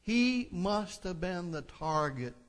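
Male pastor, high voice, reads scripture then explains it, earnest, building. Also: expressive, slow. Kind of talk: sermon.

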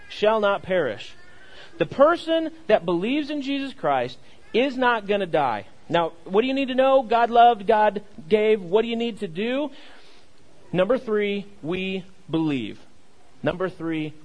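A man's voice: high-pitched, rough recording. A young adult male pastor giving a sermon, repeating key phrases and leading the congregation in call and response, with frequent stammers and restarts.

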